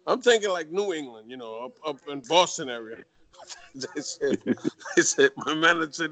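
An older man from New York, a retired boxer guest, telling lively stories with many fillers. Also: a little high, normal speed, pauses often. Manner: animated anecdotal talk with fillers. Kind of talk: casual interview storytelling.

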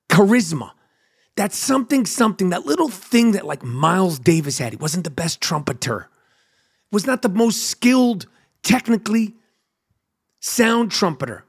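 Foul-mouthed hyped-up man with a high voice. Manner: profane, hyped, riffing. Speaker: podcast host. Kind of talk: comedic podcast monologue.

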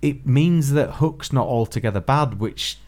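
A man's voice: mid-range voice, unhurried. A man chats about films on a podcast at an easy pace. He hesitates and restarts often, with ums and uhs, in a plain mid-range voice. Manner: relaxed, hesitant, with many fillers. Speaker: podcast co-host. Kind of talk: casual film review chat.

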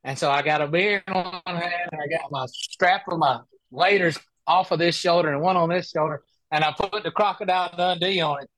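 His voice on the high side, this pro golfer talks briskly with hardly any pauses while spinning casual stories on a podcast. He animates each anecdote by voicing the people in it.

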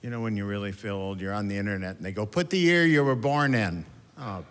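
A middle-aged man performs a loose, chatty stand-up set on a comedy club stage, making fun of himself and jumping into shouted character voices. His voice is on the low side and quick. The live club recording picks up audience noise.

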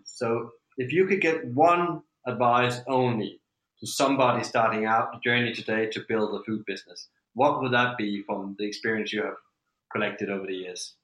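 A male podcast host thanks his guest and asks his closing question in a friendly way. His mid-pitched voice carries a noticeable room echo. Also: a bit bright. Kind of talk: interview questions. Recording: echoey room.

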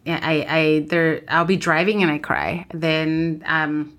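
A woman's voice: low voice, little pitch movement, slow, fairly bright tone. A woman, co-hosting a podcast, talking candidly and animatedly while switching between English and Spanish. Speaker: podcast co-host. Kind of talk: casual chat.

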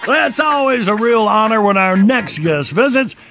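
Upbeat high-voiced radio host. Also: male voice, lively intonation, normal speed, fairly bright tone, faint music behind. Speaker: radio morning show host. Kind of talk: casual morning radio banter.

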